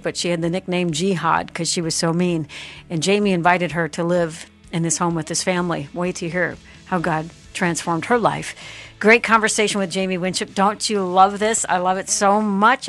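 A woman hosting a faith radio talk show, enthusiastic and affirming. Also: fairly low pitch. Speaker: radio host.

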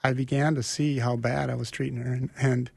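A man telling his personal faith story as an interview guest, earnest and animated, often restarting sentences. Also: mid-range voice, fairly quick, creaky, husky, dry recording, clean studio sound. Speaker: guest sharing his testimony. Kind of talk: conversational storytelling.

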